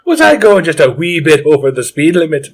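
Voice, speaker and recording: A man's voice: sits high, brisk, a bit bright, pitched above the performer's own voice. A man putting on a mock-innocent, stage-Irish voice for a cheeky male leprechaun, laughing through it. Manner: mock-innocent, laughing, playful put-on accent.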